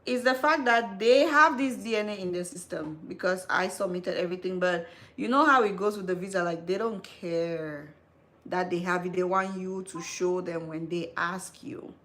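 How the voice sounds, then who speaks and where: A woman in her thirties hosting a live stream, telling a personal story in an animated, chatty way. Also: fairly low pitch, normal speed. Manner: animated storytelling, calls listener "girl". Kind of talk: casual live-stream chat.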